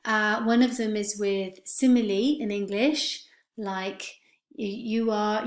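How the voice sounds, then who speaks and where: A woman teaching English pronunciation, modelling words and sentences slowly and clearly for her students. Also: medium pitch, fairly even intonation, reverberant. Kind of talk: online pronunciation lesson.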